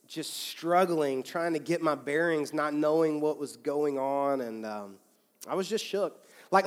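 An American pastor in his thirties preaches a sermon in a church sanctuary, his slightly high voice carrying a long reverb through the large hall. His style is candid and conversational, and he often restarts his phrases.

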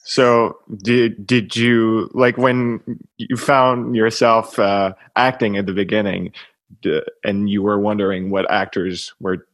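A man's voice: fairly low pitch, little pitch movement, takes it slowly, no room sound. A man hosting a podcast interview, asking questions in a friendly way and chiming in often with short affirmations. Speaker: podcast host. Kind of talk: casual interview conversation.

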